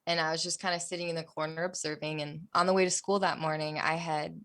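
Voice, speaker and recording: Earnest, soft-spoken woman telling a story. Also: low voice, flat delivery, quick pace. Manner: earnest, emotional, softens to near-whispers at hard moments. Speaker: podcast guest. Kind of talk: personal storytelling.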